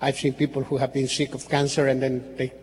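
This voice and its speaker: A man's voice: medium pitch, monotone, brisk, a little mellow. A man, a Catholic priest, preaching a sermon in an earnest, repetitive way with slips and restarts. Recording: faint hall reverb with background noise.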